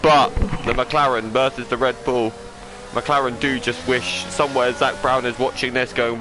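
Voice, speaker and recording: A man giving live commentary on an esports race, excitable, breaking into quick exclamations when the racing gets close. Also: mid-range voice, music in the background.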